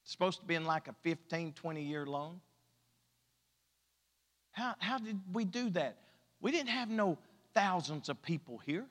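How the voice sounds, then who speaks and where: A man's voice: fairly high pitch, expressive, normal speed, long pauses, fairly bright tone. A man preaching a sermon at a church service, drawing out emphatic repeated lines and mixing in humor. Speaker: pastor. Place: church sanctuary. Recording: church hall reverb.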